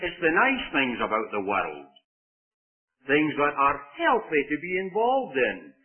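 A man's voice: on the high side, huge pitch swings, measured pace. Man preaching over a tinny broadcast. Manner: earnest, conversational preaching with stories. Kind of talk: sermon. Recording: tinny phone-like radio broadcast.

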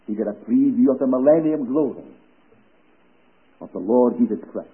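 A man preaching a sermon at a church service, measured, letting key phrases fall to hushed low endings. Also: expressive. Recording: tinny phone-like recording.

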